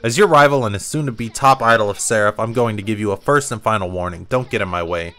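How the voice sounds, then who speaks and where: A man's voice: fairly low pitch, fast talker, bright, forceful tone. A man reading the lines of a haughty young female idol princess rival in a boastful, threatening way.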